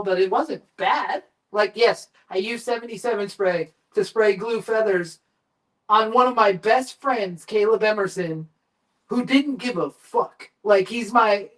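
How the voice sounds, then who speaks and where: A man guesting on a live chat show, telling long, animated and profane anecdotes about film work. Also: high-pitched, far from the mic, rough recording. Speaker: guest, makeup effects artist and director.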